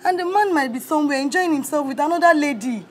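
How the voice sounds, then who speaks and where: A woman playing a friend gently consoling a crying woman. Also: high-pitched, expressive, fast talker. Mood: soothing. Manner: soothing, gentle.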